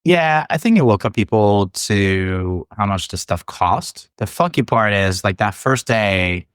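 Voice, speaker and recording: A man's voice: lowish voice, lively intonation, measured pace, a bit bright, clean tone, dry recording, studio quality. A man with a Philadelphia accent co-hosting a podcast, talking in a loose, offhand way with lots of fillers. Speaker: podcast co-host. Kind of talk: casual chat.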